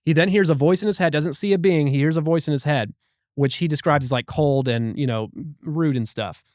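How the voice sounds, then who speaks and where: A man's voice: on the high side, fairly quick, dry recording, studio quality. A man guest on a podcast, chatting casually and telling stories with acted-out quotes. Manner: animated storyteller who acts out quotes. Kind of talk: casual chat.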